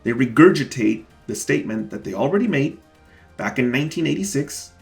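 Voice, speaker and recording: A man with an ordinary mid-range pitch and a noticeably gravelly, creaky edge explains his court filings to viewers in a casual vlog. He talks straight to his audience, gets indignant and leans hard on repeated words for emphasis. Faint music plays underneath. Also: expressive, brisk. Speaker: self-represented litigant and channel host.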